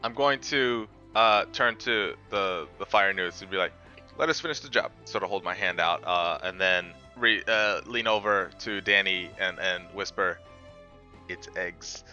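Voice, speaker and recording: A man with a very deep yet sharply bright voice plays a tabletop game. He describes his moves haltingly, letting phrases trail off. The recording is dull and lo-fi. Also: faint music behind. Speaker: player. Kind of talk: casual tabletop play.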